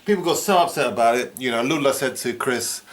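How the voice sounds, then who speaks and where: A man's voice: mid-range voice, expressive, fast. Rambling man telling anecdotes. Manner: rambling, full of "you know" and restarts, chuckling. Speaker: storyteller recalling a trip. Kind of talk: casual anecdotal reminiscing. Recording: roomy echo with faint background noise.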